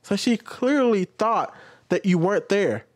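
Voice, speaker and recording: A man giving casual reaction commentary on a clip, animated and laughing, acting out retorts in a lower mock voice. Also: a little slow.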